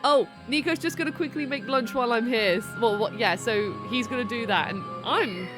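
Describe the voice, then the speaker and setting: A woman's voice: fairly high pitch, a little fast. Chatty woman streamer over game music. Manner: chatty, playful, reads chat aloud and talks to the game. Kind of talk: casual live game commentary.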